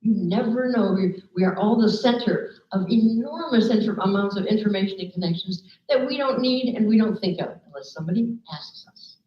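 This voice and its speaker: Woman motivational speaker, animated storyteller, echoey room, muffled recording. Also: mid-range voice, fairly quick, hardly any pauses. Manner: lively storyteller, acts out quoted people. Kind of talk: live talk to an audience with slides. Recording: echoey room, dull lo-fi sound.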